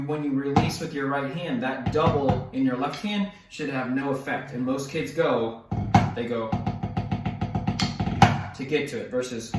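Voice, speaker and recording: A male drum instructor talking casually through snare exercises. He counts beats aloud and often restarts himself or apologizes. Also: medium pitch. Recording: very echoey room, mic at a distance.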